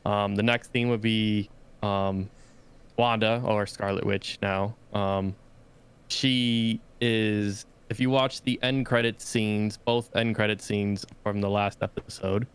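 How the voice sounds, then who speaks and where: A man co-hosting a podcast in casual review chat, measured and hesitant with many fillers. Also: lowish voice, steady tone, clean tone.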